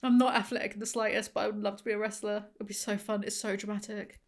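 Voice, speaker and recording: A woman's voice: mid-range voice, flat delivery, fast talker. A woman chatting casually as a book reviewer, rambling and sarcastic, going off on tangents. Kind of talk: casual chat.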